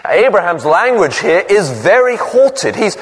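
A male preacher delivering a sermon and acting out the anecdotes he tells. His voice sits a little high and rises and falls in lively sweeps. The long reverb of a large hall trails behind his words. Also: unhurried. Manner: storytelling, acts out voices in the anecdotes.

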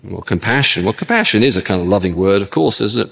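A man with a lowish voice delivering an expository sermon, his voice jumping sharply upward to stress a point. He is recorded with a long, echoing reverb like a large church hall. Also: quick pace, vocal fry, hardly any pauses, slightly rough. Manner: animated, swoops high for emphasis and rhetorical questions. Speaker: preacher.

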